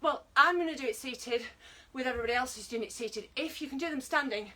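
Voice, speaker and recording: A woman's voice: high voice, fast talker, pushed and bright, distant mic, low-quality recording. Breathless British woman coaching a workout. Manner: encouraging, counting down and coaching while exercising. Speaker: fitness instructor. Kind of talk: online exercise class.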